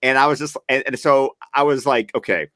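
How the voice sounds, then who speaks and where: A man's voice: mid-range voice, fairly bright tone, dry recording, clean studio sound. Eager storytelling man on a webcam. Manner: eager storyteller, bursts of fast talk. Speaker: teacher and co-host. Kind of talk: casual livestream chat. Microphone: webcam video call.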